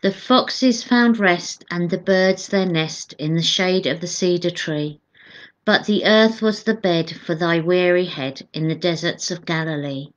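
A woman's voice: fairly low pitch, measured pace, poor audio. A woman co-leading midday church prayers, chatting with dry humour and reading scripture aloud.

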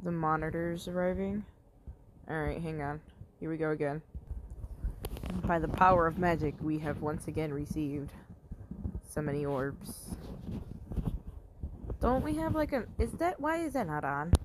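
A woman's voice: low-pitched, measured pace, pauses often, background noise. A woman giving casual commentary while playing a mobile game, swearing often and yelping when things go wrong. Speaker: gamer.

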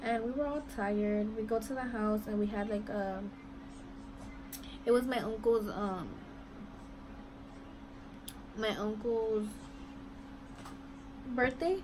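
A woman's voice: mid-range voice, slow, long pauses. A young woman telling a rambling story in a casual chat while doing her makeup at home, saying "like" and "I'm like" a lot. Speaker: vlogger. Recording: noisy room ambience.

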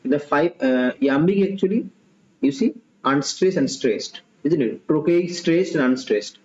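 Man tutoring, slow and repetitive. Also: on the high side, animated, darkish tone. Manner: unhurried, repeats himself, frequent okays and uh's. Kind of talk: live online exam-prep lesson. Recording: dull, roomy, faint hiss.

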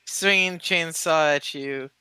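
Game master, male, brisk, bright and crisp voice, dry mic. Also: fairly high pitch, no echo. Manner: brisk, calls for rolls. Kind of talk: running a tabletop game over a voice call.

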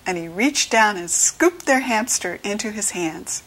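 An American woman reading a children's storybook aloud slowly and clearly for young listeners. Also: expressive. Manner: slow, clear teaching read-aloud, brighter pitch for quoted children. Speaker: children's book reader. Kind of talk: read-along storybook narration.

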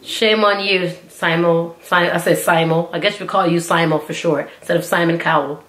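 A woman's voice: on the low side, fairly even intonation, moderate pace, fairly bright tone, roomy sound. An American woman hosting a reaction video, chatting casually with lots of fillers and giggles. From United States.

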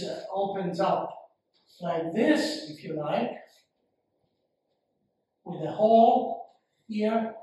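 A man giving a university lecture, slow and halting, with frequent fillers and repeated phrases. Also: high-pitched, a little mellow, slight background noise. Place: lecture hall. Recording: very echoey room, mic far off.

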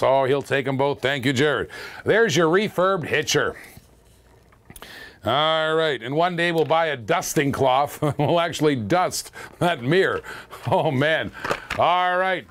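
A man with a slightly high voice runs a live auction on a stream. He talks in a jokey, chatty way, laughs a lot, and keeps repeating the current bid. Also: fairly bright tone.

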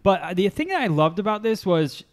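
A man's voice: high-pitched, big pitch swings, quick pace. A man hosting a hairdressers' podcast in casual chat, easygoing and agreeable, often chiming in. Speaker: podcast host, hairstylist.

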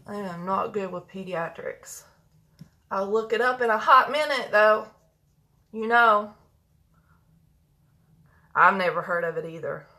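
A woman who is both a beauty vlogger and a medical practitioner chats casually with viewers during a live makeup session, joking in a folksy way. She sounds a little congested with mucus, and her mid-range voice is sharp in tone, unhurried, with long pauses.

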